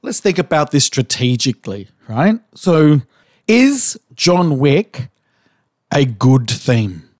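A man's voice: on the high side, very animated, slow pace, darkish tone, dry recording, clean studio sound. A man co-hosting a podcast, chatting casually and animatedly, asking probing questions and swearing now and then. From Australia. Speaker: podcast co-host. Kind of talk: casual chat.

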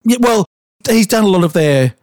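An Australian podcast co-host chats casually and animatedly, asking probing questions and swearing now and then. His voice is high-pitched, expressive and darkish at a moderate pace, in a dry, studio-quality recording.

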